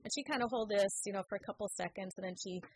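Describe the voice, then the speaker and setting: A woman's voice: mid-range voice, fast, breathy edge, no echo, rough recording. A middle-aged woman, an interview guest, telling a personal story in a chatty way with many fillers. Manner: lively, acts out quoted voices; frequent fillers. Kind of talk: conversational storytelling.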